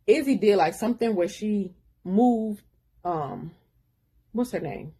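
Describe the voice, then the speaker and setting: Husky woman casually recapping a book. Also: medium pitch, lively intonation, slow, warm tone. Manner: rambling retelling with slangy asides. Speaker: book reviewer.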